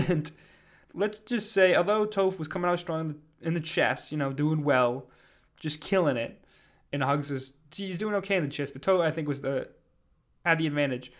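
A man's voice: fairly high pitch, animated, moderate pace. A man casually recapping a live event, rambling with lots of fillers and "like". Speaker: podcast host recapping an event.

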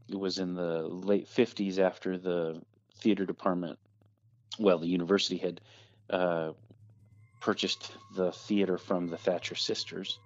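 Deep-voiced man telling a ghost story. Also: a little mellow, no room sound, highs cut off. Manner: rambling, with many fillers and restarts. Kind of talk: casual recounted ghost story.

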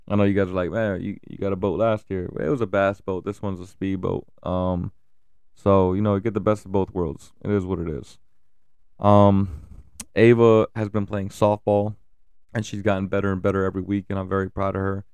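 A man in his thirties speaks with a low, gravelly voice that stays fairly flat in pitch. His tone is dark and smooth, and he talks candidly about his family, swearing freely and stopping for fillers. The sound is dry and close, with no room echo. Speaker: father sharing family updates. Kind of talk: casual personal talk to camera.

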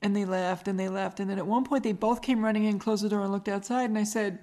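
A middle-aged woman with a regional American accent hosts a podcast, chatting casually and telling stories with frequent laughter. Her medium-pitched, mellow voice moves fast and keeps a steady tone.

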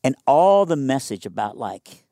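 A young man telling a personal story in a casual interview, animated and conversational with lots of fillers. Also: mid-range voice, a little slow, dry recording, studio quality.

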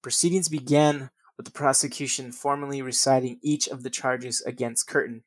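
A man's voice: mid-range voice, steady tone, normal speed, dry recording. Crude, casual true crime storyteller man. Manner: reads from notes with slips, then drops into profane casual asides.

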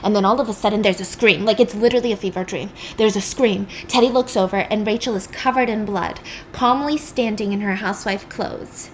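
A woman's voice: mid-range voice, steady tone, fairly quick, slight background noise. A young woman casually recapping a film story with chatty, sarcastic asides.

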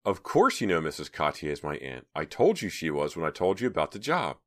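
A man's voice: a bass voice, very animated, fairly quick. A man reading an audiobook, voicing a scornful teenage girl who talks sarcastically. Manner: sarcastic, scoffing.

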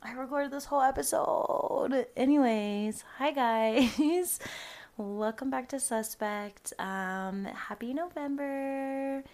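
Young female podcast host, gravelly, rambling, salty, talks from home. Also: fairly high pitch, a little slow, darkish tone. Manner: rambling, swears a lot, says "like" often. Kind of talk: casual chat.

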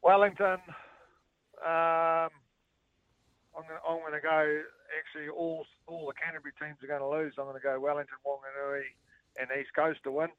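A man calls into a radio show and rambles cheekily through his picks. His voice is high and smooth but squeezed through a tinny phone line. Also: level tone, normal speed, no echo. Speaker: caller. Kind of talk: casual radio call-in chat.

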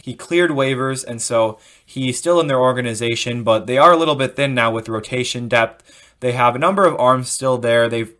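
A man talking through his podcast in a loose, casual commentary. He rambles, circles back and restarts his thoughts, with firm opinions throughout, in a voice of ordinary middle pitch. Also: a bit bright. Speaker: podcast host.

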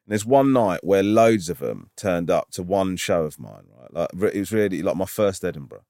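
Lively, fairly low-voiced comedian. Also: male voice, moderate pace, dry recording, studio quality. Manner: rambling, lots of filler "like", indignant. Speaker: stand-up comedian. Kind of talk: casual podcast chat, anecdote.

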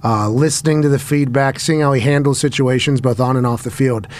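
A man's voice: medium pitch, fairly even intonation, fairly quick, a little mellow. A man in his thirties hosting a podcast, chatting casually and reading ads in a playful, upbeat way. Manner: upbeat, playful salesman delivery in ad reads. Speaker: podcast host. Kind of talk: casual chat and read ad.

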